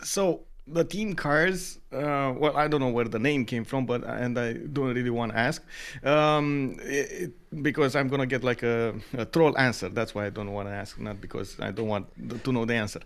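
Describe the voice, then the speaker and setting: A man co-casting a strategy game tournament, talking in a halting way full of uh and um and laughing easily. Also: mid-range voice, steady tone, clear, resonant tone. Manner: halting, filler-heavy talk, many uh and um; quick to laugh. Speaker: esports co-caster. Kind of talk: live game commentary.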